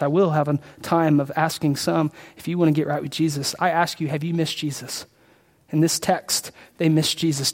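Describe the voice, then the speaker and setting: Male pastor, high voice, passionate sermon with loud peaks and quiet pleas, long hall echo. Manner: impassioned preaching, swinging between loud peaks and quiet pleas. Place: large church sanctuary.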